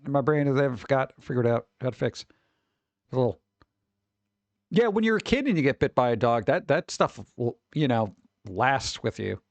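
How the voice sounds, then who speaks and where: A young man streams while reacting to pet pictures, chatting casually, chuckling animatedly, and sometimes doing funny voices for the animals. His pitch is medium and his pace moderate, and the audio is dull with no echo.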